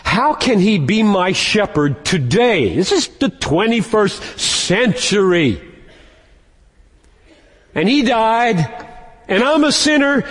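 A man preaching a sermon as pastor, emphatic and slowing down to stress key words. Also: sits high. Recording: long hall reverb.

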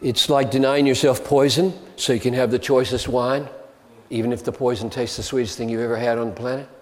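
A man's voice: mid-range voice, fairly even intonation, brisk. A man preaching a sermon, emphatic and argumentative, driving his points home with rhetorical questions. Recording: long reverb of a large hall.

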